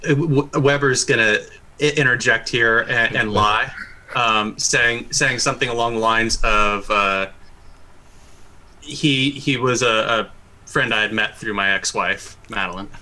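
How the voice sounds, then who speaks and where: Bright-voiced man at a tabletop game. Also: medium pitch, unhurried, low-quality recording. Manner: stuttering, casual. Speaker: player. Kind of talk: casual tabletop play.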